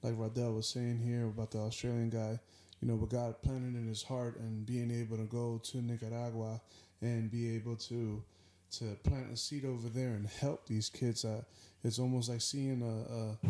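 A man's voice: medium pitch, little pitch movement, normal speed, mellow. A man sharing reflective thoughts as a guest in a casual round-table talk. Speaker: podcast guest. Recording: roomy echo.

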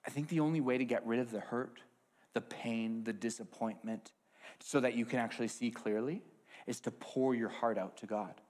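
A man preaching a sermon with an object lesson, swinging between hushed asides and loud emphasis. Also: medium pitch, normal speed.

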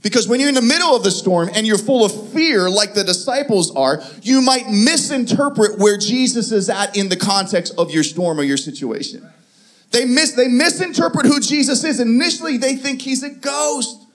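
A male pastor preaching a sermon, telling stories with lively acted-out voices and frequent laughs. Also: very high-pitched, normal speed. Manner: animated storytelling, acts out voices, laughs often.

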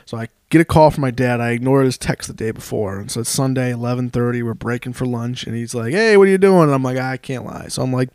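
A young man co-hosting a podcast, telling stories in casual chat, animated and laughing often. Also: medium pitch, fast talker, hardly any pauses, no echo, clean studio sound. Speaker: podcast co-host.

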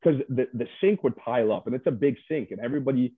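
A man's voice: mid-range voice, quick pace, breathy edge, no room sound. A man who was a reality show contestant, chatting casually and rambling loosely with lots of fillers as he is interviewed over a call. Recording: dry tinny phone line.

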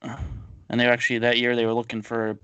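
A man's voice: mid-range voice, monotone, brisk, fairly bright tone, smooth, dry recording, muffled recording. A man co-hosting a podcast, casually sharing baseball trivia with lots of fillers and an easygoing manner. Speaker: podcast co-host. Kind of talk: casual chat.

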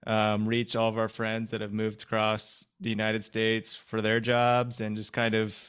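A young man co-hosting a podcast, easygoing and halting with fillers in casual chat. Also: on the low side, monotone, a bit bright, clean tone. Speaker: podcast co-host.

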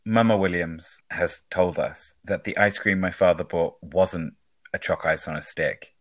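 A man's voice: sits low, steady tone, measured pace, no echo. A man co-hosting a casual podcast with wry, dry humour, running the plugs and sign-offs. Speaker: podcast co-host.

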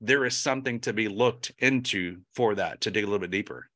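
Bright-voiced chatty male host. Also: lowish voice, a little fast. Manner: chatty, thinks aloud with many restarts. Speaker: podcast host. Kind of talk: casual interview chat.

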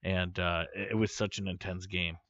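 A man's voice: deep voice, normal speed, no room sound. A middle-aged man chatting casually on a podcast, telling a story animatedly and acting out the voices of the people in it. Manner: animated storyteller, acts out quotes loudly. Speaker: podcast co-host. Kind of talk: casual chat. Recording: muffled lo-fi podcast audio.

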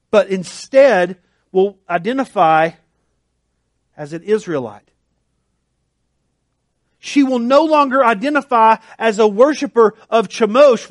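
A man's voice: sits high, no echo, studio quality. A man preaching a sermon in an earnest, conversational way, often restarting his sentences. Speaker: pastor.

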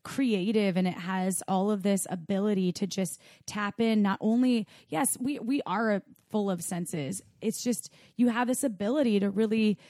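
A woman's voice: medium pitch, normal speed, few pauses, warm tone, no echo, studio quality. A woman co-hosting a podcast, chatting in a playful, rambling way. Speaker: podcast co-host. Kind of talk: casual chat.

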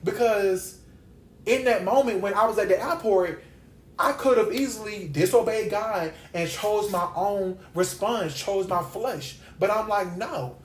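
A man's voice: sits high, unhurried. Man preaching casually in a roomy space. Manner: repeats phrases for emphasis; conversational, with slangy asides. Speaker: podcast host and Bible teacher. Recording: roomy echo.

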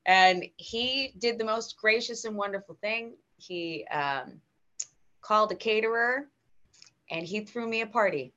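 An American woman, a guest actor, telling stories in a casual interview, animated and emotional with many restarts. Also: medium pitch, measured pace, highs cut off. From United States.

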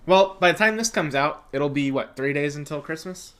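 A man co-hosting a casual podcast, chatty and animated, laughing often as he tells stories. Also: fairly high pitch, normal speed, clear, resonant tone. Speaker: podcast co-host. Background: dog whining.

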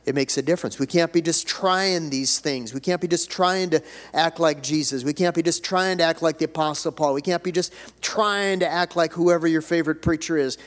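A man's voice: a little high, normal speed. An older man preaching a sermon as pastor, folksy and conversational, building to emphatic declarations. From United States. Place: church sanctuary. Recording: reverberant church hall.

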